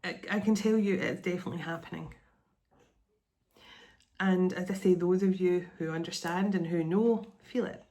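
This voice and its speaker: A middle-aged woman reads tarot and oracle cards for an online audience. Her voice sits somewhat low, and her delivery meanders, repeating phrases in an earnest, reassuring manner. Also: fairly even intonation, normal speed, pauses often, mellow. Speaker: tarot and oracle card reader. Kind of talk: channeled spiritual card reading.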